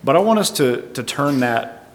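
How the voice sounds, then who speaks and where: A man's voice: mid-range voice, lively intonation, moderate pace, slight background noise. A man preaching a Bible teaching sermon, explaining verse by verse in a thoughtful, tentative way. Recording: long reverb.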